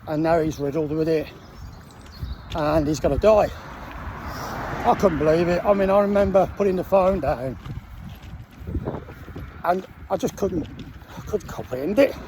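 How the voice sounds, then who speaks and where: A middle-aged man tells a personal story in a halting, emotional way. His voice sits a little high for a man. He often breaks off and restarts his sentences. A faint noise hangs behind him. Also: darkish tone. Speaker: former military trainee telling his story.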